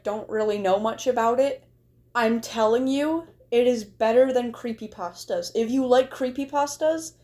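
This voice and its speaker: Chatty woman livestreamer, higher voice. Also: darkish tone. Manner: rambling, chatty, heavy use of "like". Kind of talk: casual livestream chat.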